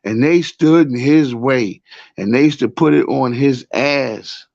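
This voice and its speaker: A man's voice: mid-range voice, a little slow, creaky, darkish tone. Rambling New York man, lo-fi sound. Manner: rambling, repeats "you know what I'm saying". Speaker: show host. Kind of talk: casual storytelling monologue.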